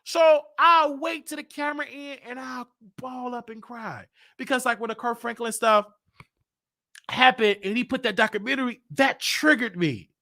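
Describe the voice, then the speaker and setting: A man's voice: extremely high pitch, moderate pace, sharp tone. A man hosting his show, talking candidly and confessionally about his life and repeating himself as he works through it. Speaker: show host. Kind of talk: candid personal livestream talk.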